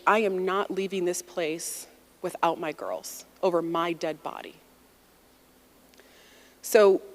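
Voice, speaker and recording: Telling a personal story to an audience, an American woman in her forties speaks in a mid-range voice. Her style is lively and conversational, and she acts out the quotations.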